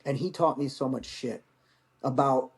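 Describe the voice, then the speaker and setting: With a mid-range voice at a normal pace, a veteran Marine in his forties guests on a podcast, telling casual stories. His manner is frank and rambling, with easygoing profanity.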